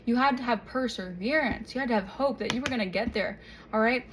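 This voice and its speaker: A woman's voice: on the high side, fairly quick, background noise. A woman giving a casual tarot reading, chatting along and checking in with "okay?" and "all right?" after her points. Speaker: tarot reader.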